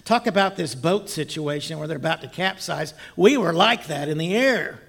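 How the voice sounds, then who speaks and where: A man preaching, telling a personal story in a lively, animated way with loud bursts and quiet asides. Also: fairly high pitch, moderate pace, creaky. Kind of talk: storytelling sermon.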